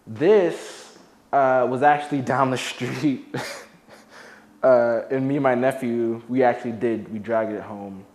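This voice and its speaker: Brief: young man with a mid-range voice, relaxed and jokey, loose fillers, giving a home tour indoors. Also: mid-range voice, slow. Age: young adult. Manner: chatty, laid-back, jokey, with many "like" fillers. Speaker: formerly homeless youth. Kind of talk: casual home tour talk. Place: his own apartment, indoors.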